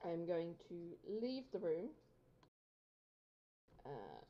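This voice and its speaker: A woman's voice: fairly low pitch, wildly swooping pitch, slow. A woman playing a tabletop game, describing her character's actions in a casual, hesitant way. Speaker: player. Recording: dull lo-fi sound.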